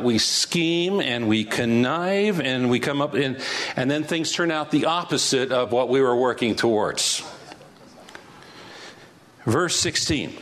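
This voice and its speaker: A man's voice: mid-range voice, a bit bright. A male pastor teaching through Bible passages verse by verse, conversational and asking rhetorical questions.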